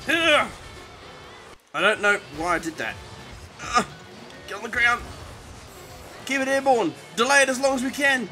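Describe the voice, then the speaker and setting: A man giving excitable, self-mocking commentary over his own gameplay, exclaiming and groaning as it goes. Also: sits high. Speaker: gaming commentator.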